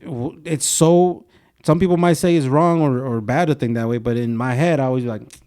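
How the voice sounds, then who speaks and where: A man's voice: medium pitch, normal speed, darkish tone, clear, resonant tone. A young man co-hosting a podcast in casual, slangy talk, saying "bro" a lot and slipping into Spanish words. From Mexico. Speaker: podcast co-host.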